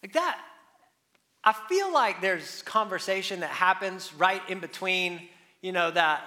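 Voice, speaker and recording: A high-pitched man preaching in a church. His voice is bright and forceful, and he keeps the sermon casual and full of jokes, acting out the disciples in the boat. It moves from a quiet opening prayer into lively teaching. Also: a little slow. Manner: casual and joking, acts out the disciples. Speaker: pastor. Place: church hall.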